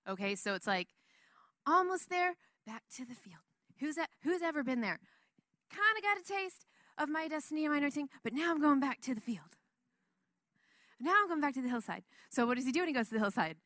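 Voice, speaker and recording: A woman leads a relaxed Bible teaching, talking in a chatty, rambling way with frequent laughs. Her voice is a little high and notably bright. The sound is dry and close. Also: fast talker, no echo.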